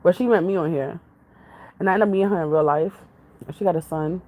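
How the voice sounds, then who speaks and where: A woman's voice: fairly low pitch, fast talker, darkish tone, slight background noise, rough recording. A woman vlogger in casual, rambling chat with her viewers, jumping from topic to topic. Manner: jumps from topic to topic, chatty, laughs often.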